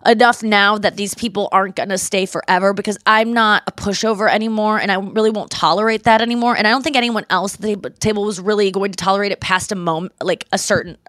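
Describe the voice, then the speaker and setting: A woman in her forties, a podcast host telling a story in casual chat, animated and slipping into quoted voices. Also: mid-range voice, fast talker, few pauses, no echo, clean studio sound.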